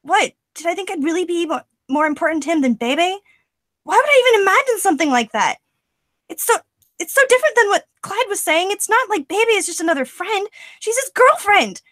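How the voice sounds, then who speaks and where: A woman's voice: extremely high pitch, animated, brisk, no room sound, voice pushed down, poor audio. A woman voicing a distraught, heartbroken teenage boy who stammers and cries out in anguish, for an audition. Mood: anguished, tearful. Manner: sobbing, stammering, shouting in anguish. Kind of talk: voice acting audition.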